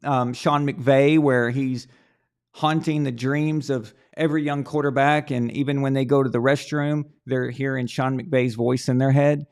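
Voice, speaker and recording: A man's voice: medium pitch, steady tone, measured pace, a little mellow. A man hosting a live sports talk stream, thinking aloud in a rambling way with many restarts and repeated words. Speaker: live show host. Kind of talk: casual sports talk livestream.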